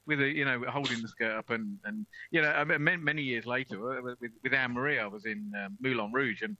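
A man's voice: mid-range voice, fast talker, sharp tone. A middle-aged man with an English accent, chatting as a radio guest about amateur acting, self-deprecating and full of restarts. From England. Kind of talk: casual radio chat. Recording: dull lo-fi radio sound.

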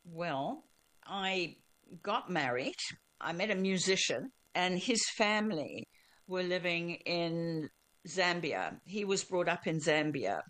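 A woman's voice: lowish voice, lively intonation, takes it slowly, a bit bright. An older woman with a mixed Australian and South African accent, telling her life story as an interview guest.

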